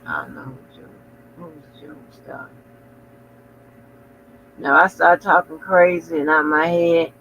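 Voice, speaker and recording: A man's voice: a little high, very animated, slow pace, pauses often, dull audio, noisy background. A very sleepy man hosting a casual livestream, rambling and drowsy, trailing off into mumbles as he yawns. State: very sleepy, yawning. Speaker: livestream host.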